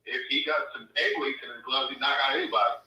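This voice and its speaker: A male caller heard from far off in a very echoey space, with a sharp, bright tone. His voice sits slightly high. He talks in a relaxed, measured way, with plenty of fillers. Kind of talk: casual phone-in chat.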